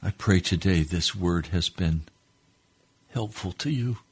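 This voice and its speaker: A man's voice: sits low, measured pace, a little mellow, husky. A man preaching on a radio broadcast, leading a fervent, pleading prayer that swells and drops. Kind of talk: sermon prayer.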